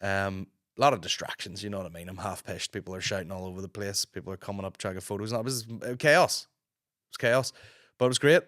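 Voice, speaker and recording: Hoarse Northern Irish man, dry sound. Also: low-pitched, steady tone, very fast, hardly any pauses, fairly bright tone, no room sound. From Northern Ireland. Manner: swearing, rambling storyteller. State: hoarse from a sore throat. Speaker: podcast host. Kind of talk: casual solo podcast chat.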